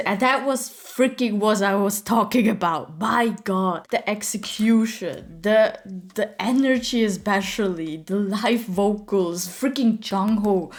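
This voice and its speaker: A woman and dancer giving reaction video commentary, excitable and slangy, gushing over what she watches. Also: mid-range voice, takes it slowly. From Switzerland.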